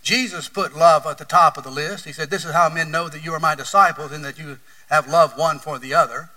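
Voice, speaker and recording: An East Tennessee pastor preaches earnestly in a church room, his volume swelling and falling and his pace fairly quick. The voice is very bright, a touch high and steady in tone, recorded from a distance on a low-quality setup that leaves him set back from the mic.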